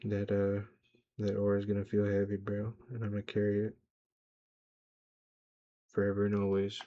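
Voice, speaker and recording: A man's voice: on the low side, completely flat delivery, normal speed, dark tone. A young man rambling through a casual, profane, self-hyping motivational monologue for his vlog, talking to himself in a car. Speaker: vlogger. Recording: dull lo-fi sound.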